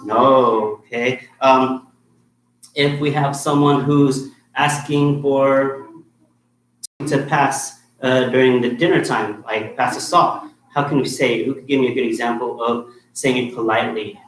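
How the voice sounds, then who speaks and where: A man's voice: mid-range voice, fairly even intonation, unhurried, fairly bright tone. Roomy-sounding man coaching a kids' class. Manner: firm and encouraging, checks in with "okay?" after nearly every point. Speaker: martial arts instructor. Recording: echoey room with faint noise.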